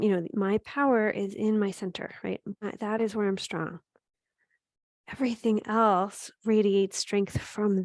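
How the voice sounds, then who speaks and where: A woman teaching a gentle yoga class, giving calm, encouraging cues with frequent "um" and "right?". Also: mid-range voice, no room sound, studio quality. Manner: speaks to students by name. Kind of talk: guided yoga class instruction.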